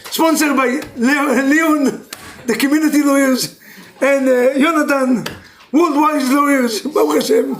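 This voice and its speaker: A man, a rabbi, giving an animated and joking class to couples. He mixes Hebrew terms into non-native English and moves between loud outbursts and hushed intensity. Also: extremely high pitch, measured pace. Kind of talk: lively religious class for couples.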